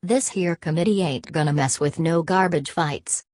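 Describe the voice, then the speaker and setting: A woman's voice: low voice, moderate pace, darkish tone, no room sound. A woman reading the lines of a tubby, blunt male migrant who tells stories in a folksy drawl.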